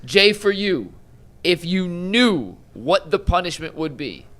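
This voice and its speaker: A man's voice: sits high, big pitch swings, takes it slowly, fairly bright tone. A man hosting a casual sports talk show, posing questions and steering the discussion.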